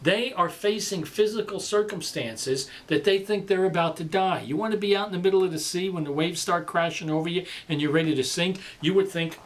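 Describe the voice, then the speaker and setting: A male preacher giving a sermon, with dramatic delivery that swings between loud emphasis and quiet passages. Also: sits high, brisk, hardly any pauses.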